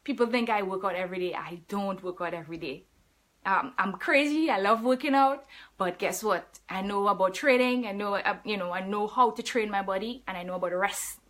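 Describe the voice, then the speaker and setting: A woman's voice: mid-range voice, a little fast, fairly bright tone. A woman fitness coach talking casually on a live stream, laughing often and answering viewer comments.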